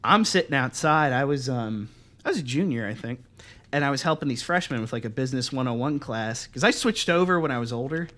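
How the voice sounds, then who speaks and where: A young man co-hosting a podcast, telling a story in casual, profane chat and acting out the other voices loudly. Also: medium pitch, brisk. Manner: animated, profane, acts out quoted voices loudly. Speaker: podcast co-host.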